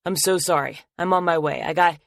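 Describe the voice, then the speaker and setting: A woman voicing a protective young man in an audiobook, urgent on the phone and gentle when comforting. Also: fairly high pitch, brisk, creaky, dry recording. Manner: urgent then gentle and soothing.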